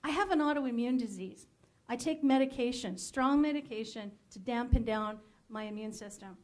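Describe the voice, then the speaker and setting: Blunt high-voiced woman giving casting advice. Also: moderate pace, darkish tone. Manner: blunt, emphatic, laughs often. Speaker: casting director. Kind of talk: candid advice talk.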